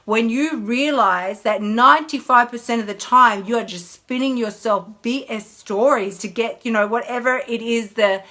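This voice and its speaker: A woman, a health coach chatting casually on a live stream in an animated way. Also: a little high, moderate pace, hardly any pauses. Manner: chatty, animated, mimics whiny inner voices.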